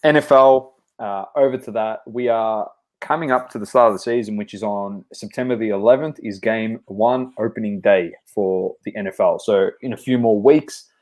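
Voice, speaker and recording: A man co-hosting a casual sports podcast, reading out football scores and matchups in a steady, brisk run. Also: fairly low pitch. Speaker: podcast co-host.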